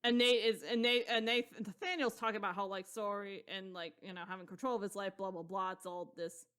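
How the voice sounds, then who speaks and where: A woman's voice: medium pitch, fairly even intonation, a little fast, a bit bright, clear, resonant tone. A woman co-hosting a podcast, recapping a novel in casual chat, rambling and slangy with frequent swearing and easy laughter. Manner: laughs often while telling the story. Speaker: podcast co-host.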